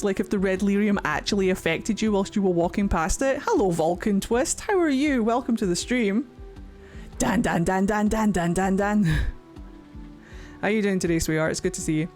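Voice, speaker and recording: A woman's voice: medium pitch, darkish tone. Chatty Scottish woman streaming. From Scotland. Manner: chatty and swears freely. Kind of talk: casual livestream commentary.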